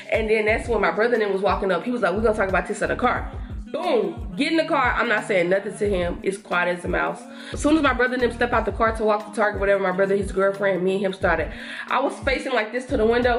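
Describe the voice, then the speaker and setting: A young woman vlogger chatting to her viewers while doing her makeup, telling a story in an animated way and acting out what people said. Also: on the high side. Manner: animated, talks to viewers as y'all, acts out quotes. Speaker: beauty vlogger.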